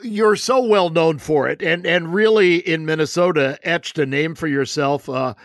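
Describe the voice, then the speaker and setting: A man's voice: a little high, normal speed, dry recording, clean studio sound. A man hosting a radio interview, asking questions and praising his guest with fillers. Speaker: radio host and race announcer.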